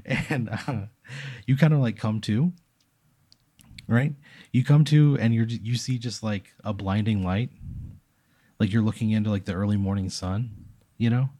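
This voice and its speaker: A man's voice: fairly low pitch, fairly even intonation, unhurried, pauses often, warm tone, dry recording. A man in casual podcast chat, telling an absurd hypothetical story in a rambling way, full of filler words and bits of laughter.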